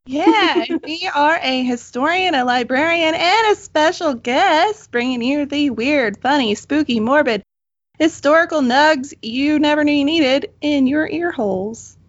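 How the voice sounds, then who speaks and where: A woman's voice: high voice, measured pace, no echo. A woman co-hosting a podcast, bubbly and laughing as she chats. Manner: bubbly, laughing, lively storytelling. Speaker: podcast co-host. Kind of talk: casual podcast chat. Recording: dull lo-fi podcast mic, dry.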